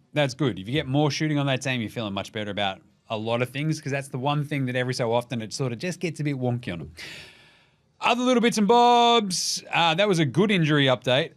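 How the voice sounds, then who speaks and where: A man from Australia hosting a casual sports podcast, rowdy and sweary, cracking jokes and slipping into silly voices. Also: mid-range voice. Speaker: podcast host.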